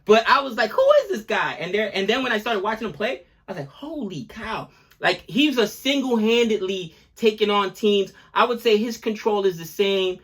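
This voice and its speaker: A young adult man co-hosting a casual reaction chat, excitable and joking, swinging from loud outbursts to quiet asides. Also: high-pitched, a little fast, few pauses. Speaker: co-host of a reaction channel.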